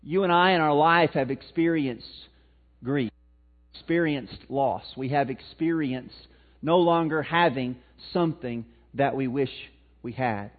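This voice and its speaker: A man with a Missouri accent preaching a sermon in a folksy way, swinging between loud emphatic lines and low, quiet ones. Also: unhurried. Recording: tinny phone-like sound, mic cutting out.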